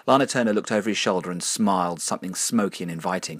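Male storyteller, deep and deadpan, dry studio sound. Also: fast talker, few pauses, no room sound. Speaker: narrator. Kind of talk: storytelling reading.

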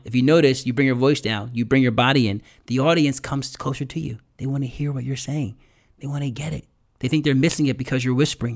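A man's voice: mid-range voice, steady tone, fast talker, creaky, a little mellow. A man hosting a podcast and giving motivational tips on public speaking, emphatic and repetitive, often checking in with "right?" and sometimes dropping to a whisper for effect. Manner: emphatic, repeats points, asks "right?" often. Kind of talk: motivational talk to camera.

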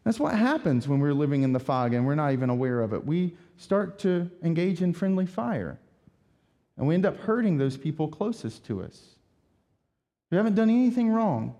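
High-voiced pastor preaching in a reverberant hall. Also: male voice, moderate pace. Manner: conversational, animated with rhetorical asides. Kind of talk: sermon.

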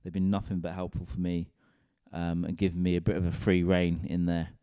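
A man's voice: deep voice, level tone, a little fast, dark tone, clean tone, dry recording, clean studio sound. A man, a comedian and podcast host, rambling in a casual, sweary, self-mocking solo rant.

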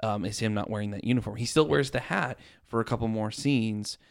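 A man in a casual film chat, animated and swearing as he acts out his reactions. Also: fairly low pitch, fairly quick, gravelly, no room sound, studio quality. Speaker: film reviewer.

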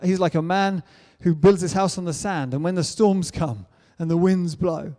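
A man's voice: high-pitched, moderate pace, mellow. A man preaching a sermon in an earnest way, building to emphatic declarations. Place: church hall. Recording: church hall reverb.

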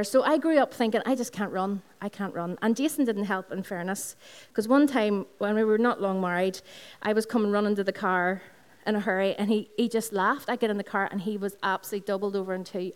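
Northern Irish woman, lead pastor, mid-pitched, preaching a Sunday sermon in a school hall, story-driven and repetitive. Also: clear, resonant tone. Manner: personal storytelling with repeated phrases, talks to the congregation.

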